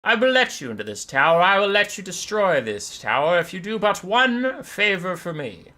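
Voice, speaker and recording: A man voicing a haughty, sarcastic male high elf mage in lofty, theatrical speech with deadpan insults. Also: moderate pace, full character voice.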